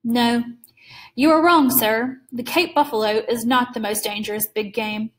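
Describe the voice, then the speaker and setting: A woman's voice: a little high, fairly even intonation, a little slow, natural voice. Suave menacing hunter, as a woman reads him. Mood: courtly.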